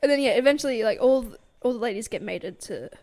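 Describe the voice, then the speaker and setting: A woman's voice: on the high side, animated, fast, darkish tone. A young woman co-hosting a book podcast, recapping a novel in casual chat with lots of fillers and frequent laughs. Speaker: podcast co-host.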